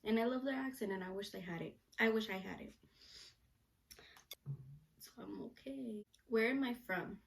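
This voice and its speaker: A young woman talks casually straight to camera, bubbly and chatty, with a steady stream of "like" and "you know". Her voice sits a little higher than most women's. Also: normal speed, vocal fry, long pauses. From United States, Mexican parents. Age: young adult. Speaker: vlogger, student reporter.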